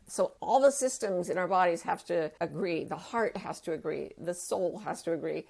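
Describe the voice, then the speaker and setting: Low gravelly woman, impassioned. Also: moderate pace, hardly any pauses, a little mellow. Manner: impassioned and emphatic, speaking in bursts. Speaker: life coach guest. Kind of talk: conversational interview.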